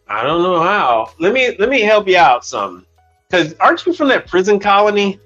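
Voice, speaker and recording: A man's voice: sits high, big pitch swings, normal speed, fairly bright tone, muffled recording, faint music behind. A man from Chicago, a commercial kitchen equipment tech, ranting bluntly and with plenty of swearing as he chats on a live stream and argues with comments from his chat. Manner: talks back to chat comments.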